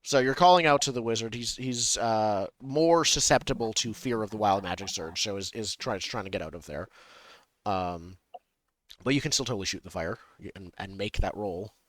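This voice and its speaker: A young man narrating as game master of a tabletop game, talking in a halting way with many ums and restarts. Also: lowish voice, a bit bright, no echo.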